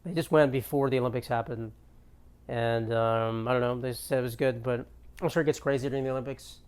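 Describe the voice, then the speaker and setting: A man's voice: medium pitch, fairly even intonation, brisk, a little mellow, smooth. Young male comic host, ranting and exasperated, swears freely, solo bit from his apartment. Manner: ranting, exasperated, profane storytelling. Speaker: comedian podcast host. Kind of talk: solo comedic monologue.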